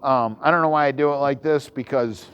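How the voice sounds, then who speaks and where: A man's voice: medium pitch, fairly quick, clean tone. A man who trains horses, chatting casually and hesitantly on camera while working a horse outdoors, with frequent ums and restarts. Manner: calls out loudly to the horse.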